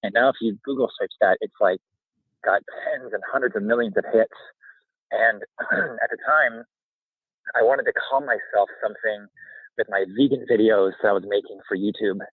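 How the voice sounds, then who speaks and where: A man in his thirties rambles eagerly through a casual interview while sitting outside by a campfire in the freezing cold, his voice a bit shaky from the chill. His voice is on the low side and sounds husky. The whole thing comes through a thin, tinny, phone-like line. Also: normal speed, no room sound. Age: 30s. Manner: rambling, energetic, with fillers. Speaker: guest. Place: outdoors by a campfire in freezing weather.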